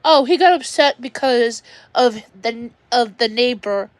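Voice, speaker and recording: In an emotional monologue streamed live from home, a woman with a voice on the high side speaks a little slowly. She rambles, is clearly upset, and often restarts her sentences, and the recording has no room sound.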